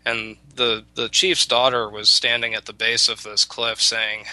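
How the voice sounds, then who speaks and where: A man's voice: medium pitch, little pitch movement, unhurried, hardly any pauses, sharp tone, no room sound, poor audio. A man on talk radio telling a folk tale casually, rambling with many restarts. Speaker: radio show talker.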